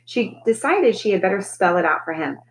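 A woman teacher reading a children's novel aloud to her class in a calm, steady storytelling voice. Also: mid-range voice, brisk, a little hiss or hum, rough recording.

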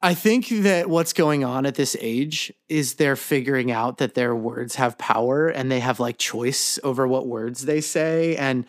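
A man in his thirties co-hosting a podcast, telling family stories in an animated way and laughing often. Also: medium pitch, unhurried, hardly any pauses. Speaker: podcast co-host. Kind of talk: casual chat.

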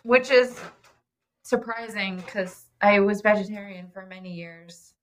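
A chatty woman in a relaxed conversation, warmly enthusiastic about the food she loves. She talks freely with lots of "like" and "um", her voice sitting at an ordinary middle pitch. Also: unhurried. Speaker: guest. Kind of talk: casual chat.

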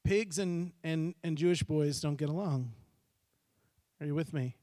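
A man's voice: on the high side, measured pace, dry recording. A middle-aged man preaching a sermon, telling a story and acting out the characters' voices. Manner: animated, acts out characters' voices. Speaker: pastor.

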